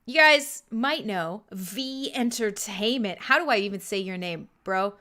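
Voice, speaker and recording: A woman's voice: medium pitch, expressive, unhurried, sharp tone. A Canadian woman hosting a live radio stream, chatting casually and irreverently with listeners, swearing freely and laughing often. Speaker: radio show host.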